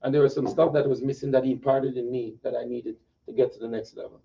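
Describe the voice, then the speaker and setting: A Jamaican-accented man hosts the interview in an agreeable, affirming way, speaking at a medium pitch. His voice comes from a distance through a dull, muffled recording. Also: fairly even intonation, fast talker, vocal fry, mellow. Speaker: host. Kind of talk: interview talk.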